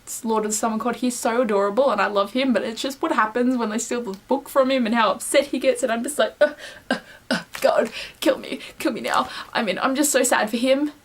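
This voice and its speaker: A young woman with an Australian accent talks fast and eagerly about a favourite book, her voice sitting a bit high. She gushes, swears casually and piles on filler words as she chats on her channel. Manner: gushing, excitable, swears casually. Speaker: book vlogger. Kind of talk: casual book review chat.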